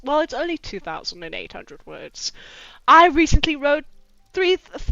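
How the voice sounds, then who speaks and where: South african woman streaming, reading fanfic and swearing at it, high lively voice, dry kinda dull audio. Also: dry recording. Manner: sweary, incredulous, mocking asides. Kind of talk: live-streamed comedic reading with commentary.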